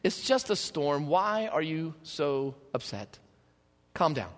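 A man's voice: fairly high pitch, very animated, slow, big-room sound, voice pushed down. A man voicing a sleepy, unbothered figure who lightly mocks the people who woke him. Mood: teasing. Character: drowsy, teasing man woken from a nap.

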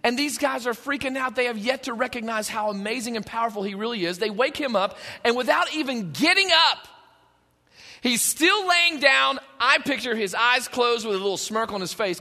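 A man preaching a sermon, telling the story in an animated way and acting out the scenes. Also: very high voice, brisk, big-room sound. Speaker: pastor.

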